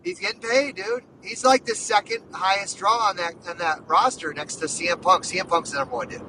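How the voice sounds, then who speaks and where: A man hosting a casual sports podcast, talking in an excited, rambling way full of "dude" and "like.". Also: high-pitched, brisk, far from the mic, slight background noise, rough recording. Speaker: podcast host.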